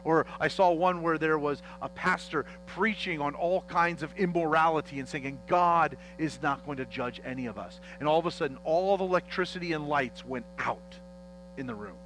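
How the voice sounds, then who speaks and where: A man preaching a teaching sermon as pastor, animated and joking as he acts out the dialogue of a Bible story in church. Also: a little high, normal speed, soft background music, low-quality recording.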